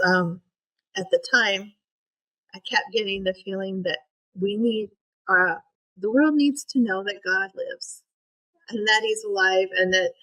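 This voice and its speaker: Woman, middle-aged, podcast guest, earnest, halting, fillers and restarts, mid pitch. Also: fairly bright tone, rough recording. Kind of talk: personal faith story in a podcast interview.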